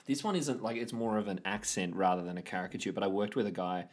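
A man's voice: on the low side, fast talker. A man co-hosting a casual podcast chat in an easygoing, self-deprecating way. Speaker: podcast co-host.

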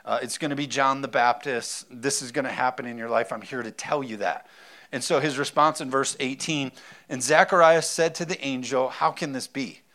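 A man's voice: mid-range voice, moderate pace, bright, forceful tone. A man preaching a sermon in a conversational way, acting out little asides and reading scripture aloud. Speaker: pastor.

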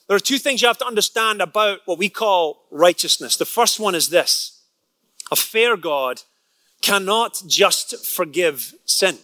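An adult man past college age preaches a sermon centered on a personal story, his voice high, bright, and ringing. He repeats words as he builds excitedly toward a point and briefly acts out what other people said in character voices. The recording is close and dry, with no room sound at all.

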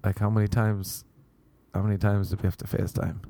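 A man's voice: fairly low pitch, level tone, fairly quick, vocal fry, warm tone. A young Irish man doing a rambling, sardonic stand-up comedy routine. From Ireland. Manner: rambling, sardonic observational storytelling.

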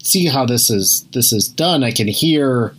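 Man, game master, relaxed, casual chat, mid-pitched voice. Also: measured pace, husky.

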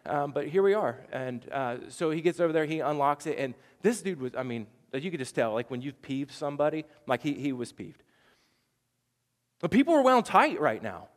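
A man's voice: medium pitch, lively intonation, moderate pace, in a large hall. A man preaching a sermon as pastor, telling a chatty story with frequent stammered restarts.

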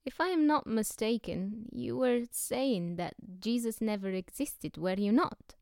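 A woman putting on a squeaky, effusive foreign gentleman. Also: creaky, no room sound, clean studio sound. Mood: polite. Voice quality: squeaky, drawn-out exclamations. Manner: effusive and overly polite. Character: polite, eccentric foreign man, curious.

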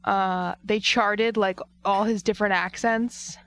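A tired woman co-hosting a podcast in casual chat, laid-back and quick to laugh. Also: mid-range voice, steady tone, fairly bright tone. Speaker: podcast co-host.

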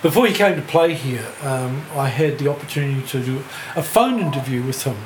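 A man's voice: medium pitch, animated, a little fast. An older man with a New Zealand accent, a music writer telling a rambling anecdote as a podcast guest, laughing through it and swearing freely. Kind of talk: casual anecdotal storytelling. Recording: echoey room with faint hiss.

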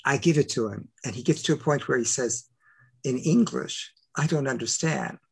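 An older man telling personal stories as an interview guest, emphatic and full of rhetorical questions, with a gravelly voice. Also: mid-range voice, lively intonation, normal speed. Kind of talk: animated personal storytelling.

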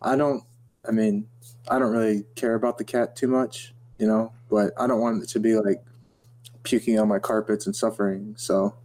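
A man's voice: fairly low pitch, little pitch movement, normal speed, a little mellow, slight background noise. A man co-hosting a podcast, chatting casually in a dry, matter-of-fact way. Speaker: podcast co-host. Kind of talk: casual conversational podcast chat.

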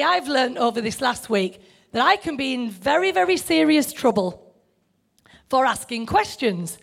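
A woman's voice: high-pitched, creaky. A middle-aged woman preaching a sermon in a conversational way, asking the listeners questions.

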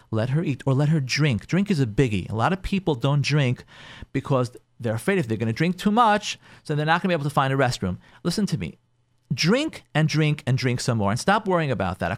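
A man's voice: fairly high pitch, no echo. A man, a rabbi hosting a call-in advice show, telling a counseling story and giving advice, repeating phrases for emphasis. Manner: acts out quoted people in shifting voices.

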